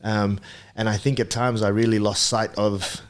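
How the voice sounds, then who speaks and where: A man in his thirties from Papua New Guinea, chatting as a podcast guest. His voice sits fairly low, and he tells his story in a reflective, meandering way, pausing on ums and restarting his sentences. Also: little pitch movement. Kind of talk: casual interview chat.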